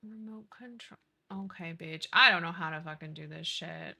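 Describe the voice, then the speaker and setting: A woman's voice: low-pitched, moderate pace, vocal fry, sharp tone. A young woman streaming live, chatting casually, swearing freely and apologizing as she fiddles with her settings.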